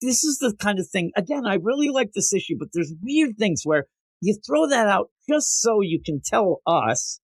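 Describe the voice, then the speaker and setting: A man co-hosting a casual comic book review podcast, animated and acting out characters' lines in quick voices. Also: high voice, no room sound. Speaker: podcast co-host.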